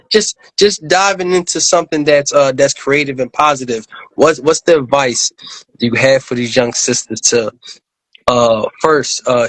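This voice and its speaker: A man hosts an interview, asking long, halting questions that he restarts over and over, and affirming his guest warmly with repeated approval. His voice sits in a middle range and sounds dry and close. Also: mid-range voice, no echo, rough recording. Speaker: interview host. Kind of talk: casual interview.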